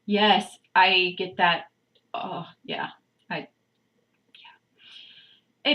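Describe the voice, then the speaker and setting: A woman's voice: on the low side, fairly even intonation, very slow, pauses often, muffled recording. A woman vlogger reading a book aloud, breaking off with chatty, giggly asides. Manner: chatty, self-interrupting, giggly. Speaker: channel host.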